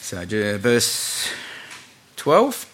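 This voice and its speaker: A man preaching an informal sermon, chatting with many fillers and reading Bible verses aloud slowly. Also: lowish voice, huge pitch swings, a bit bright, a little hiss or hum.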